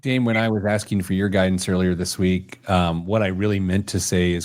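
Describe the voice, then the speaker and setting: A man hosting a podcast in casual chat, animated and thinking aloud, a little self-deprecating. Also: deep voice, brisk. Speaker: podcast host.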